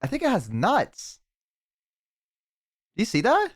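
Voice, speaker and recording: A man's voice: high voice, wildly swooping pitch, a little slow. A man streaming, chatting casually, joking and rambling with crude humor.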